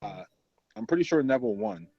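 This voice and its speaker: Man of middle pitch, casual rambling co-host; muffled lo-fi, dry recording. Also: lively intonation, fairly quick, dry recording. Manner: rambling, filler-heavy recapping with laughs. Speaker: podcast co-host. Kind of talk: casual chat.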